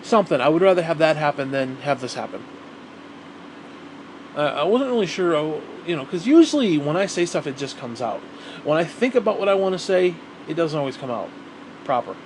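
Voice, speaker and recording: A man's voice: fairly high pitch, expressive, brisk, a little hiss or hum. A man ranting to the camera in a rambling, profane monologue, repeating himself as he grows heated. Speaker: vlogger.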